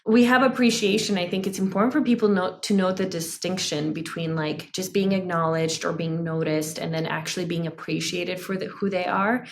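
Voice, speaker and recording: This woman, a psychotherapist in her thirties, is being interviewed conversationally and talks with animation, frequent laughter, and plenty of "like." She has a lowish voice, speaks a little fast, and barely pauses.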